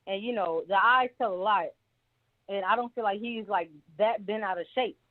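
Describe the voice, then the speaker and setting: A woman's voice: medium pitch, moderate pace. A woman calling in to a talk show, giving her opinion in a rambling, opinionated way. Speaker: caller. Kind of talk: call-in opinion. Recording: tinny phone line.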